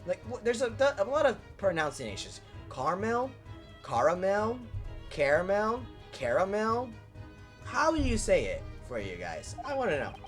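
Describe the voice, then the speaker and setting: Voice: medium pitch, wildly swooping pitch, a little fast, few pauses, faint music behind. A let's-play streamer giving casual, chatty gameplay commentary, giggling and swearing casually.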